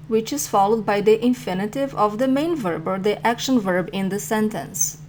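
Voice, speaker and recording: A woman's voice: on the high side, darkish tone, slight background noise. Woman teaching a language lesson. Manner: clear, patient explaining, repeats example phrases slowly.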